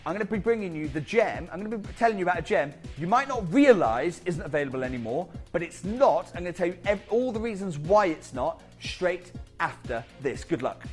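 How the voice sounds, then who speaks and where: A man presenting live on a shopping channel, talking viewers through a sale with an urgent, chatty sales pitch. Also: animated, fairly quick, few pauses, soft background music. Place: TV studio.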